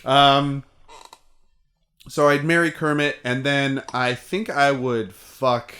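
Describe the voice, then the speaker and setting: A man's voice: mid-range voice, fairly even intonation, slow, sharp tone. A man co-hosting a podcast, joking crudely in casual chat and laughing often. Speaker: podcast co-host.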